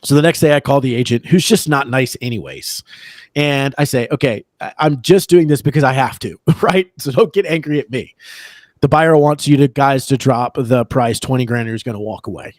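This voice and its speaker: A man, a real estate agent, telling an animated story on a podcast, acting out the other people's lines and laughing as he goes. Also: medium pitch, brisk, dry recording. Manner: animated, acts out quoted dialogue, laughs between lines. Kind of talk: casual storytelling.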